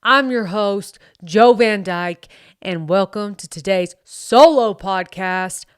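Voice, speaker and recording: A boastful young bro dad influencer, played by a woman, who swaggers through his slang with a faint southern twang. The voice is smooth and clean at a middling pitch. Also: lively intonation, normal speed, a bit bright, no room sound, clean studio sound. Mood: braggy. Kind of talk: comedic character monologue.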